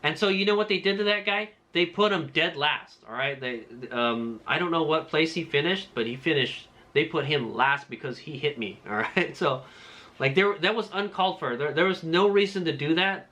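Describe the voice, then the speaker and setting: Man, fairly high bright voice, rambling race-recap vlogger who keeps asking "all right?". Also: normal speed, dull audio. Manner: rambling, many fillers and tag questions. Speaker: motorcycle racer vlogger. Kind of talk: casual after-race recap to camera.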